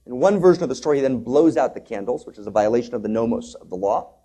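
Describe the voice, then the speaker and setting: A man giving a spiritual lecture, telling a story dramatically, dropping to hushed asides and rising to loud outbursts, and slowly chanting liturgical phrases. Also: mid-range voice, animated, husky. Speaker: spiritual teacher.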